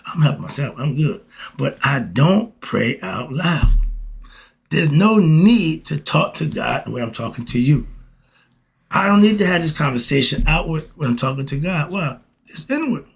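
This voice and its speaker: Gravelly middle-aged man, fairly high voice, preachy casual monologue, asks himself "why?" and answers. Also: expressive, moderate pace, soft background music. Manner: preachy, repeats "why?" and "okay?", talks to listener directly. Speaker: podcast host.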